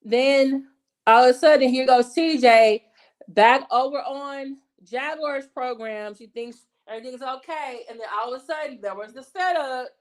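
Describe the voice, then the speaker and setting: A woman's voice: high voice, normal speed. A woman hosting her own channel, talking in an emphatic, conversational way and often checking in with "okay" and "right". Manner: emphatic, repeats "okay" and "right", acts out quoted voices. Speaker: channel host. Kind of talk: casual commentary monologue.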